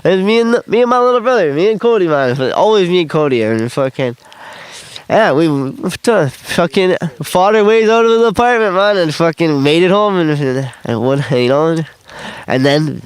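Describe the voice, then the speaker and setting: A man's voice: fairly high pitch, expressive, normal speed, smooth, no room sound. A young man telling stories from his life in a rambling, profane, laughing way, recorded outdoors in an interview. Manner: rambling, profane, laughs often, acts out quotes and freestyles. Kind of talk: casual storytelling interview. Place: outdoors on grass.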